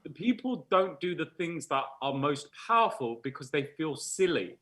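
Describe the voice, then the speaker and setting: A British man leads a live-streamed panel with a high voice that climbs and dips a lot. His tone is bright and forceful, and he coaxes his listeners in an animated, jokey way. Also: normal speed. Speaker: host leading a group exercise.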